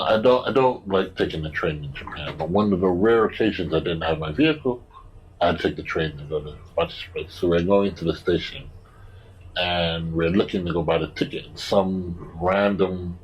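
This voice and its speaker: Very low, husky man on a dull mic. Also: normal speed. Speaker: podcast co-host. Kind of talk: casual storytelling chat.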